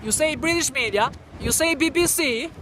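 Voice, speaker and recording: A man's voice: extremely high pitch, moderate pace. A man giving an outdoor protest speech in front of a TV building, repeating his phrases and chanting call-and-response lines. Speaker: street protester. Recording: loud wind noise on the mic.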